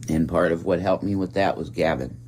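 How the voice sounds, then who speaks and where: Give me a man with a slightly low voice, telling a dramatic story in earnest. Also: fairly even intonation, brisk, darkish tone, slight background noise. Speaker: vlogger. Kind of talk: casual storytelling vlog.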